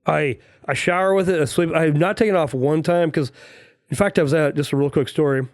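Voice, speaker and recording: Brief: male podcast host, chatty, slightly high voice, dry recording. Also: fast, no room sound. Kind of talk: casual chat.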